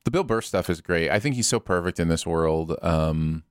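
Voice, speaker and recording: A man co-hosting a podcast, talking in playful, animated casual chat and laughing easily. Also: low voice, normal speed, smooth, no room sound, studio quality. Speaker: podcast co-host.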